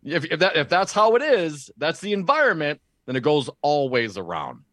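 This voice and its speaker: A man's voice: on the high side, big pitch swings, moderate pace, a bit bright, no echo, studio quality. A man co-hosting a casual news chat, wry and joking, often restarting his words. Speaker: podcast co-host.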